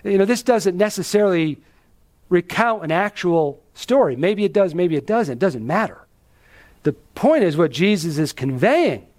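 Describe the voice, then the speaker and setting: A man's voice: expressive, normal speed, darkish tone. A man preaching an expository sermon, emphatic, asking rhetorical questions and dropping his voice for weight. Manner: emphatic, with rhetorical questions and dramatic drops in pitch.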